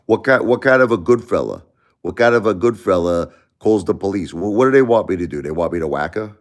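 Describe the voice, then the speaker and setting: A man's voice: low voice, animated, brisk. A middle-aged man, ranting to his live-stream viewers in a repetitive, stammering way. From Brooklyn, New York. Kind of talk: casual live-stream rant.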